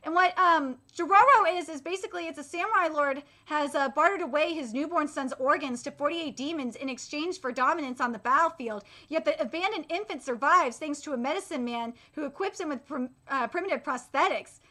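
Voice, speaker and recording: A young woman hosting a casual vlog about upcoming anime and manga. She talks in a high voice, gushing and excitable, swearing freely and tripping over fillers and restarts. Her tone is bright and sharp. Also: brisk, hardly any pauses. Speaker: channel host.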